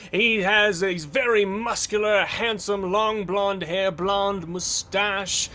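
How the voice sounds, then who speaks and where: A man's voice: sits high, steady tone, slow pace, pushed and bright. A man narrating as game master of a tabletop game in a loose, rambling way, with lots of fillers.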